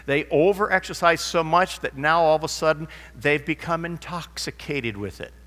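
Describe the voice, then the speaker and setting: Man, preacher, rambling, anecdotal, bright tone, reverberant church hall. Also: on the high side, moderate pace. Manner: rambling, anecdotal, with fillers and restarts. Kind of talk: sermon with a told joke.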